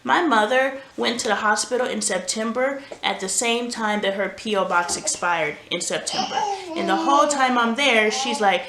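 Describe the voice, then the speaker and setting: A woman's voice: fairly high pitch, normal speed. A woman vlogger and mother telling candid stories in casual chat while doing laundry at home. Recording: roomy home echo, faint noise.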